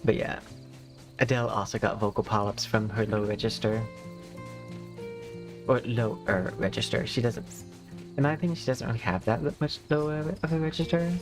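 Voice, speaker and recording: A streamer, a man, rambling through casual chat with a slight lisp and lots of "like"s. His voice sits at an ordinary middle pitch. Quiet music plays faintly behind him. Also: moderate pace, pauses often. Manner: rambling, filler-heavy, chatty.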